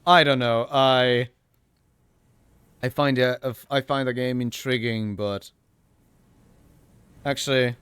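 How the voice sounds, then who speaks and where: A young British man streaming a game, animated and sweary, laughing often. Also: medium pitch, slow, long pauses, clear, resonant tone, dry recording. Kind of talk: casual let's-play commentary.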